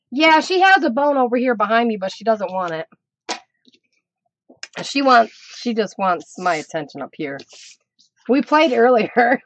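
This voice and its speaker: A woman's voice: on the high side, fairly bright tone, highs cut off. A middle-aged woman chatting on a casual craft live stream, teasing her dog and laughing often. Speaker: craft channel host.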